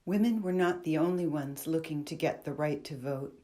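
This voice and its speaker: A woman's voice: low-pitched, moderate pace, dark tone. A young student woman giving an informative historical narration between monologues. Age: young adult.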